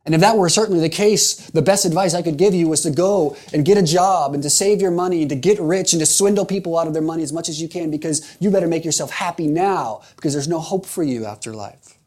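A man's voice: fairly high pitch, quick pace, hardly any pauses, darkish tone. A man preaching a sermon in an earnest, emphatic way, repeating phrases for rhetorical weight.

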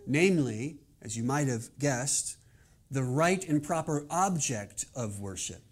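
A male pastor delivering a sermon, opening with a quiet prayer and then speaking in an earnest, measured way. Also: medium pitch, animated. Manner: earnest, measured preaching with soft prayerful passages.

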